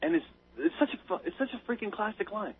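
An American man calling in to a talk show, telling a story with breathless excitement and tripping over his words. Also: high voice, fast talker, husky. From United States. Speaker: caller. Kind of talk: casual chat. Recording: tinny phone line.

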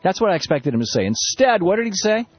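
A man hosting a political talk radio show from a studio, speaking in an animated, indignant way with many restarts. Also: high-pitched, fast talker, breathy edge, no echo, soft background music. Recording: dull, slightly lo-fi radio broadcast.

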